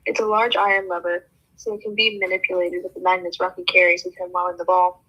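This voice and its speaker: A woman's voice: lowish voice, little pitch movement, fast, bright, forceful tone. A woman reading a novel aloud for a book club, breaking off now and then for joking comments. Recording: dull lo-fi sound.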